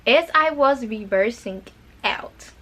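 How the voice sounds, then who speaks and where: A woman's voice: fairly high pitch, animated, takes it slowly, fairly bright tone. A young woman from Arkansas, telling a dramatic storytime to her viewers in casual chat, with repeated words and asides. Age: young adult. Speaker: vlogger.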